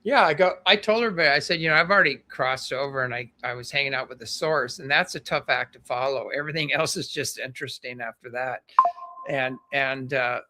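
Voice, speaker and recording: Man guest, chatty storyteller, bright forceful voice, laughs between stories. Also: medium pitch, fairly quick. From American desert. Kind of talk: casual conversation.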